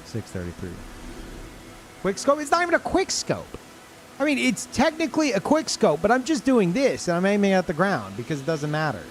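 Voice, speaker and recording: A man's voice: high-pitched, huge pitch swings, fairly quick, slight background noise. A man streaming a game live, reacting in disbelief, swearing often and laughing a lot. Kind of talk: live gameplay commentary.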